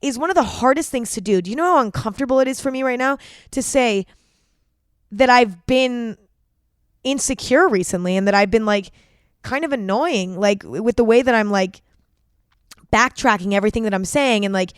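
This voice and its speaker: A woman's voice: fairly high pitch, normal speed, smooth, no echo, studio quality. A young woman hosting a podcast, talking frankly and confessionally, swearing freely and saying "like" a lot. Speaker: podcast host. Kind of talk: candid solo podcast monologue.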